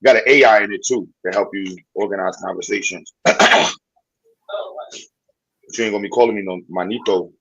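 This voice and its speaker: Fast-talking husky man. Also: fairly low pitch, no room sound, lo-fi sound. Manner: blunt, excitable, slangy. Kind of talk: casual chat.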